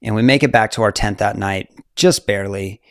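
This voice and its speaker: A man's voice: on the low side, fairly quick, gravelly, no echo, studio quality. A man in his forties, a mountaineer guest, telling his story casually with many fillers and laughs. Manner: animated, fillers, laughs often.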